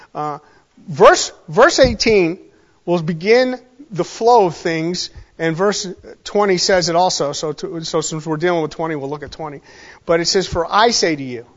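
A man's voice: high voice, muffled recording. A man preaching a sermon in a conversational way, often checking in with his listeners. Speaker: pastor.

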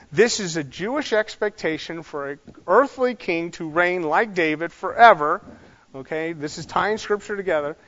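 A man's voice: high voice, a bit bright. A man teaching a Bible class in a loose, conversational way, full of fillers and asides. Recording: dull sound in a large reverberant hall.

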